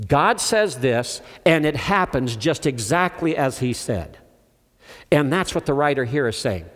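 A man's voice: mid-range voice, big pitch swings, unhurried. An older man preaching a sermon emphatically, asking his listeners questions and calling on them. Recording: long hall reverb.

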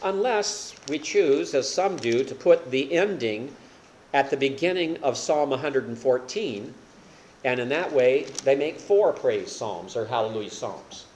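A man's voice: medium pitch, animated, a little slow, a little mellow, slight background noise. An older man preaching a sermon as a pastor, explaining with rhetorical questions and folksy self-deprecating humor.

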